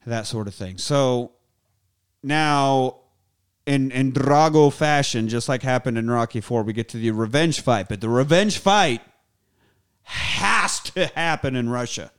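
A man talks through a film's plot in a loose, profane, animated rant. His voice is smooth and clean, and he keeps things casual. He sounds like a podcast host recapping for his co-hosts. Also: medium pitch, measured pace.

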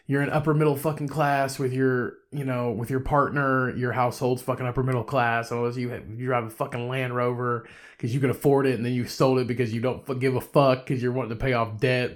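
A man in his thirties hosting a solo podcast, laid-back and rambling, swearing constantly and laughing often. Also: medium pitch. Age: 30s. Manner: talks in a rambling, conversational way. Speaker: podcast host.

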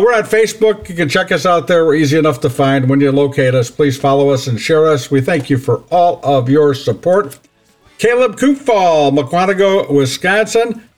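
A man hosting a fishing podcast in a casual chat, talking freely and often repeating words as he restarts. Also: on the high side. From Northern Illinois. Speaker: podcast host.

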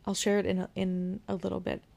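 A young woman hosting a podcast, candidly telling a personal story with whispered asides and soft laughs. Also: medium pitch, completely flat delivery, fast talker, vocal fry. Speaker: podcast host sharing her birth story.

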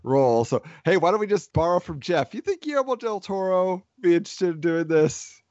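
A man hosting a casual movie podcast, animated and jokey, full of quick asides. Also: sits high, no room sound, highs cut off. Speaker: podcast host.

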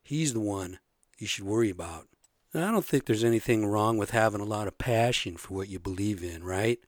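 A man with a sore, slightly raspy throat, ranting bluntly and profanely in a casual monologue, tagging lines with "right?". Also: lowish voice, a little fast, no echo, clean studio sound. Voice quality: a little raspy.

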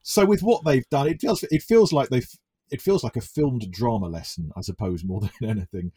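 Mellow, husky-voiced man chatting. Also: medium pitch, moderate pace. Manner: hesitant, many restarts and fillers. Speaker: podcast co-host. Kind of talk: casual film discussion.

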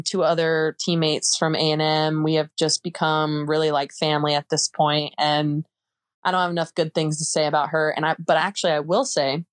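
A woman in her twenties, a softball player chatting as a podcast guest in quick, filler-laden bursts. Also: sits low, dry recording. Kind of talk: casual interview chat.

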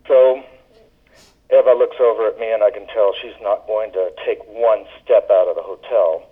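A man's voice: lowish voice, steady tone, moderate pace. A man who calls in and tells rambling stories about his years as a flight attendant, with lots of ums and uhs. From Southern US. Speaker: caller, former flight attendant. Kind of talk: casual storytelling. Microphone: telephone. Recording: tinny phone line.

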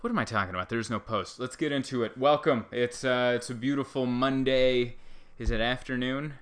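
A man with a bright, crisp voice rambles through a casual solo show, recorded at home on a laptop mic. He keeps slipping into sarcastic, self-mocking asides. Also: medium pitch, normal speed. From Southern California. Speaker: podcast host. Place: living room at home. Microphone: microphone into a laptop.

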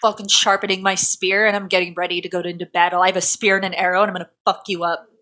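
A woman's voice: lowish voice, little pitch movement, fast talker, sharp tone. A young woman co-hosting a podcast, joking and teasing in casual, profane banter. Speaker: podcast co-host. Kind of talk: casual chat.

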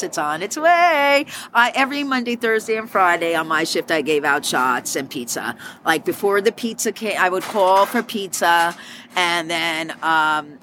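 A woman, a former bartender, telling stories in an interview and acting out the people she quotes. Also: a little hiss or hum. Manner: animated, acts out quoted voices with sharp pitch jumps. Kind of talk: storytelling interview.

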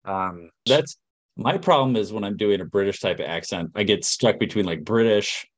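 A man's voice: on the low side, moderate pace. A man hosting a podcast in an easygoing, rambling chat. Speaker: podcast host.

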